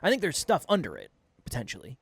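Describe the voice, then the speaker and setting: A man co-hosting a podcast, speaking in a relaxed, reflective conversational way. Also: fairly high pitch, fast talker, vocal fry, slightly rough, no room sound. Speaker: podcast co-host. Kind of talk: casual conversation.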